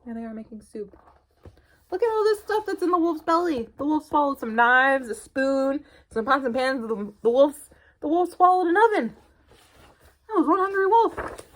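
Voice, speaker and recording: Librarian lady reading to little kids, high voice going up and down a lot, asks them stuff. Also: normal speed. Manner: animated, asks children questions. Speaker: children's librarian. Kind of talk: virtual storytime read-aloud for children.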